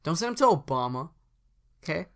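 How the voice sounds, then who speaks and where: A man co-hosting a comedy podcast in casual chat, jokey and quick to riff into absurd bits. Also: a little high, sing-song. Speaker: podcast co-host.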